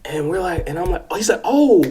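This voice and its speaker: Man, raised on the South Side, slightly high pitch, casual storytelling, animated and swearing. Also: rapid-fire, husky. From South Side of Chicago. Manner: profane, animated, keeps checking in with "okay?".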